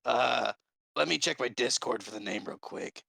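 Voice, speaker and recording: A man playing a character in a tabletop game, speaking slowly and hesitantly. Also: mid-range voice, vocal fry, bright, forceful tone, slightly rough, dry recording. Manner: slow, hesitant. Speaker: player.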